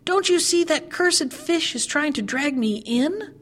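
A woman's voice: expressive, a little slow. A woman doing a screeching ungrateful dwarf. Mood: shrill angry. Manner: shrill, screaming, scolding.

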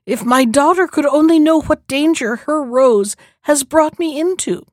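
A frightened merchant father from a storybook, humble and pleading, as a woman reader puts him on. The voice sits fairly high and is recorded close and dry. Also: normal speed, no room sound, lightly acted. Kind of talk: storybook reading.

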